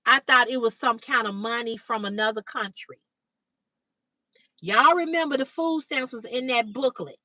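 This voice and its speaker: A middle-aged woman is telling a story to her livestream viewers, with a bright, high voice. She swears freely and jumps up higher whenever she acts out the quoted lines. The sound is dry and picked up from slightly away from the mic. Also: moderate pace, dry recording, distant mic, poor audio. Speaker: livestream host. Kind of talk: casual storytelling to live chat.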